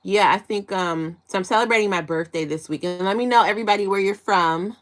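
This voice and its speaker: A woman's voice: medium pitch, a little fast. Giggly young woman live-streaming. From Chicago, USA. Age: 20s. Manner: chatty, giggly, reading out viewer comments. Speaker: livestream host. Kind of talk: casual live-stream chat with viewers.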